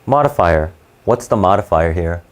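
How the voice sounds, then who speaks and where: A man teaching an SAT class live, talking in a halting, conversational way with frequent restarts and fillers. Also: low voice, lively intonation. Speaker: SAT tutor.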